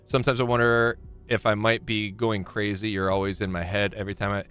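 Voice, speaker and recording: A man streaming a game live, chatting to himself and haltingly reading letters aloud with frequent fillers and restarts. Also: lowish voice, level tone, a bit bright, smooth. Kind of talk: live gameplay commentary.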